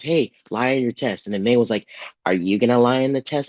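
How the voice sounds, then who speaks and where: A man recapping a TV episode in casual podcast chat, rambling with lots of "like" and jumping into a high voice to act out lines. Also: steady tone, brisk, a little mellow, no room sound, dull audio. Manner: rambling, full of "like" and restarts, acts out quotes in a raised voice. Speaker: podcast co-host.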